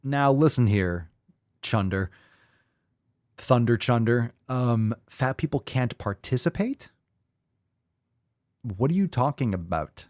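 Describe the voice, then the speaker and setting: A man's voice: mid-range voice, animated, slow pace, pauses often, a little mellow, no room sound, studio quality. A man hosting a show, ranting in profane, sarcastic commentary and mocking the people he quotes. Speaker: host.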